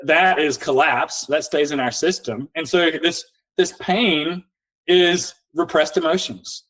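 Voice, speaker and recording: As a guest on a podcast, a male nervous system coach tells client stories casually and animatedly, acting out both sides of each conversation and slowing down when giving guided instructions. His voice is on the high side, and the recording is rough.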